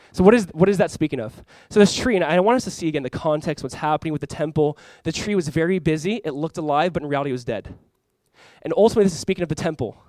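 A male pastor with a fairly high voice delivers a lively sermon. He reads scripture with mounting emphasis, then slips into casual, joking asides. The sound is dry and close, with little room echo. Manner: conversational asides and jokes.

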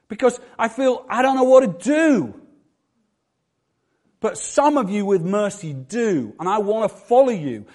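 A man's voice: high-pitched, a little mellow. A middle-aged man preaching a sermon as pastor, conversational and self-deprecating.

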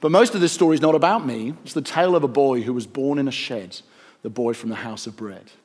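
A man narrating a rhyming story in a gentle, rhythmic storytelling manner. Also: medium pitch, expressive, fast talker.

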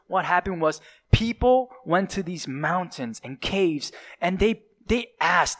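Slow-speaking male preacher delivering a sermon. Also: on the high side, a bit bright. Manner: dramatic, dropping to whispers for voiced quotes; fillers and self-corrections.

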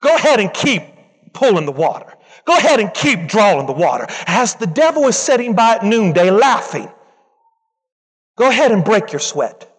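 A man's voice: high voice, very animated, moderate pace, slightly rough. A man preaching a sermon with passion, driving points home through rhythmic repetition and calling out to the congregation. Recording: long reverb in a large hall.

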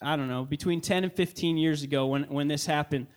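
A young man leading worship in church, welcoming the congregation and telling an earnest, excited story with frequent restarts. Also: fairly high pitch, fairly quick. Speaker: worship leader. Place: church sanctuary.

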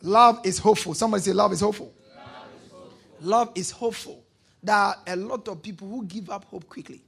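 A man preaching a sermon in a high, gravelly voice with a raspy edge. He hammers key lines again and again, calls on the congregation to say them back, and rises into shouts when he drives a point home. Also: a little fast. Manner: emphatic preaching, repeating lines and prompting call-and-response. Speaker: pastor.

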